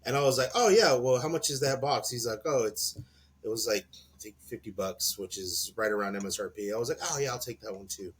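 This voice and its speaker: A man co-hosting a podcast in casual chat, an animated storyteller who laughs often and acts out the people in his stories. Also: lowish voice, fast talker, breathy edge. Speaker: podcast co-host.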